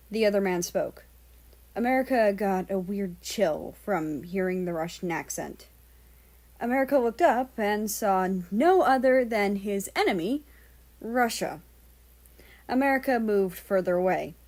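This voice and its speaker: A woman narrating a fan-fiction story aloud in a steady, even storytelling delivery. Her voice sits at a middling pitch for a woman, and she reads at a measured pace. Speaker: fan-fiction audiobook reader. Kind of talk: scripted narration.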